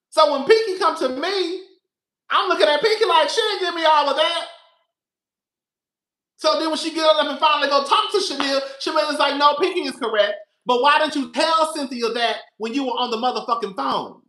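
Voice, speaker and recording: A man giving casual, animated commentary on a reality show, talking straight to his viewers and calling them girl and baby. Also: very high-pitched, fairly quick, roomy sound.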